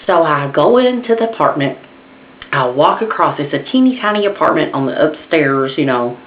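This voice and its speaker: A woman telling a funny story in a casual vlog, animated, acting out voices and laughing at herself. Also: deep voice, fairly quick, slight background noise. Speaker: vlogger. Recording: dull roomy home video recording.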